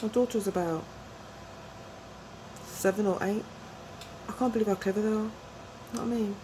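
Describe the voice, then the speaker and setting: A woman's voice: mid-range voice, fairly even intonation, brisk, background noise. A middle-aged woman, telling rambling personal stories to camera, digressive and chatty, often asking "you know what I mean?". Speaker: vlogger.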